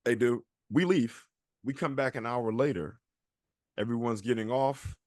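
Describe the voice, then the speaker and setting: Male podcast co-host, mid pitch, casual storyteller who acts out quotes, dry close mic. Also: measured pace, no echo. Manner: animated storyteller acting out quoted people.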